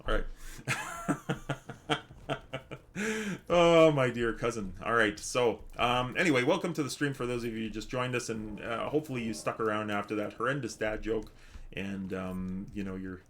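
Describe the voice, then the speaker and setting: A man streams a game while chatting casually with viewers, rambling and hesitant with many restarts, and reads the chat aloud. His voice is fairly low yet fairly bright, with slight background noise.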